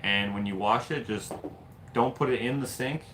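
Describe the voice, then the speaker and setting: A man from Canada hosting a casual livestream, telling stories in an animated, laughing, loosely profane way. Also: mid-range voice, normal speed, slight background noise. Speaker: host of live hangout stream.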